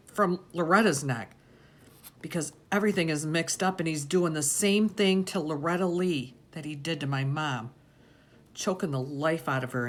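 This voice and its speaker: A woman narrating a first-person audiobook in a steady, intense way. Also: low voice.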